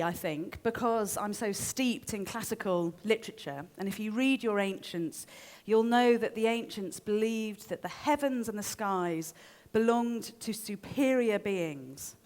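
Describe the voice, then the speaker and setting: A woman in her forties giving an informal talk to a live audience, chatty and self-deprecating with frequent ums and restarts. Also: medium pitch. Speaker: speaker giving a short stage talk.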